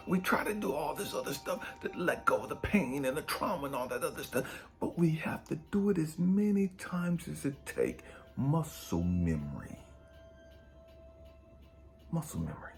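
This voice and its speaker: A man giving an emotional motivational talk, dropping to hushed whispers and rising to cracking cries, swearing hard. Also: medium pitch. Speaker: motivational speaker and life coach.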